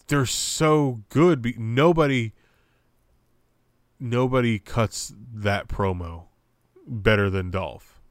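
Very slowly, in a mid-range voice, a young man co-hosts a casual wrestling review podcast, rambling with many fillers and restarts. The sound is studio quality with no echo.

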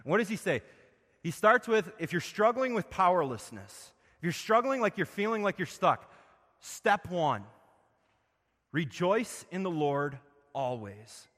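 A man preaching a sermon, asking his listeners questions and swinging between loud emphasis and quiet, low passages. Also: big pitch swings, a little slow, long reverb tail. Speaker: pastor.

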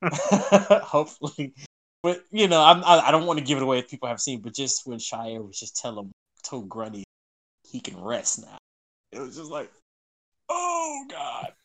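Man, podcast guest, excitable and emotional, laughs a lot. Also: medium pitch, moderate pace. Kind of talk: casual podcast chat.

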